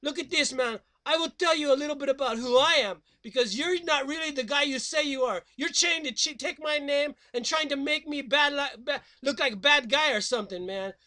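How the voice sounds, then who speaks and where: A man's voice: very high-pitched, brisk, few pauses, pushed and bright, pitched above the performer's own voice. A man voicing a laid-back young male surfer dude in a slurred drawl who keeps saying "man". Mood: riled.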